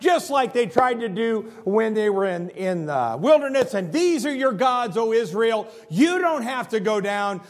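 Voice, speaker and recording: A man playing a scheming ancient king, persuasive, high voice, somewhat raised. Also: very animated, unhurried, hardly any pauses, heavily acted.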